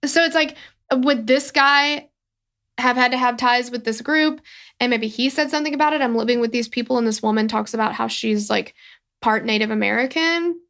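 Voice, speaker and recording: A woman's voice: fairly high pitch, moderate pace, a bit bright. A woman co-hosting a true-crime podcast, chatting casually and rambling with lots of fillers. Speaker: podcast co-host.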